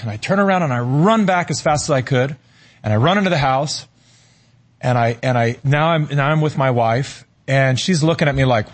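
A middle-aged man, a guest on a talk show, telling a personal story in an earnest, halting way and repeating words as he searches for them. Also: mid-range voice.

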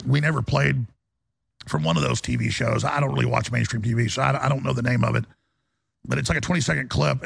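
A male talk radio host with a gravelly, raspy voice, rambling in an impassioned studio monologue with restarts and rising outbursts. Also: medium pitch, a bit bright, no echo. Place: broadcast studio.

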